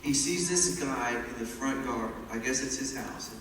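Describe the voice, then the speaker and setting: Animated man telling a story. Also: medium pitch, a little slow, a little hiss or hum. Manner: animated, chatty, laughing at his own story. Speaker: storyteller speaking to an audience. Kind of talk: lively storytelling. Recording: echoey hall from far off, loud ambience.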